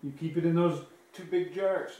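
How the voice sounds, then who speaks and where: A man's voice: fairly high pitch, steady tone, moderate pace, dark tone. A man joining his partner's crochet video, answering in short, dry replies. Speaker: host's partner, co-guest. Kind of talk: casual chat. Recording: roomy, distant mic.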